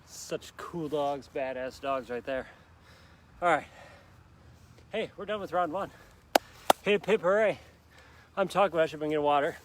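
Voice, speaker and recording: A man's voice: fairly high pitch, normal speed, pauses often, noisy background. A male fitness instructor coaching a live outdoor workout, upbeat and urging viewers on with countdowns while out of breath and sweating. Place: outdoors in a park on grass.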